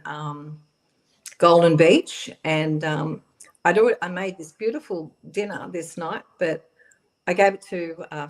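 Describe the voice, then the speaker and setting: A middle-aged woman telling a personal story on a radio interview, halting, with many fillers and restarts. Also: lowish voice. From Australia. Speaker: guest.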